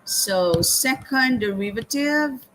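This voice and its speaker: A woman teaching calculus step by step in a live lesson, often pausing with "okay" and "hang on". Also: on the high side, animated, a bit bright, slight background noise, poor audio. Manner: slow, step-by-step explaining with frequent "okay" and "hang on". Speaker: math teacher.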